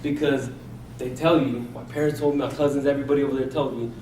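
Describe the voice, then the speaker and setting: A man's voice: mid-range voice, fairly even intonation, quick pace, a little mellow, a little hiss or hum. Man telling a story in an echoey hall. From India. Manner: personal anecdote with acted-out quotes. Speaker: contest speaker. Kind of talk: storytelling speech. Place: hall at a speech contest. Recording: echoey room from a distance, faint ambience.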